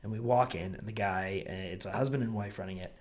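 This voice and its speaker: A man co-hosting a casual comedy podcast, lively and laughing as he tells a travel story, swearing now and then. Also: on the low side, quick pace. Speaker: podcast co-host.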